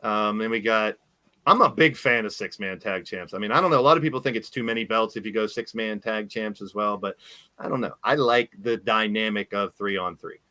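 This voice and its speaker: Male podcast host, rambling casual chat, bright tone, dry mic. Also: fairly low pitch, brisk, no echo. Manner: rambling, talks while showing things on screen.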